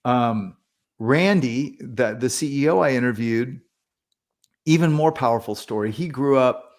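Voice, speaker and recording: A man's voice: mid-range voice, a little slow. A man, a pastor and author as a podcast guest, retelling accounts earnestly and acting out the voices of the people in them. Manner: earnest, animated retelling with quoted dialogue. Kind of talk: storytelling in a podcast interview.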